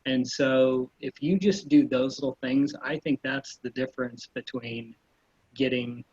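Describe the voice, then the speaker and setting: Agent type, husky man, rambling casual chat, a bit dull and dry sound. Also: mid-range voice, steady tone, unhurried, a little mellow, dry recording. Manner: rambling, loose, full of fillers and restarts. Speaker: real estate agent. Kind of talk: casual panel chat giving sales tips.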